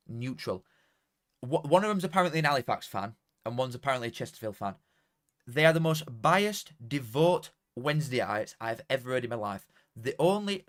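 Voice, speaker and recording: Excitable Yorkshire lad streaming football. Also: male voice, mid-range voice. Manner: excitable, swears freely, bursts into shouting at goals. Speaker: streamer hosting a football watchalong. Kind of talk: casual live stream commentary.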